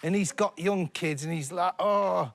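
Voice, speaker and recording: A man's voice: on the high side, normal speed. An English man telling a rambling comic story on a TV panel show, laughing as he talks. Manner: rambling, animated, laughing through his words. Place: TV studio with audience.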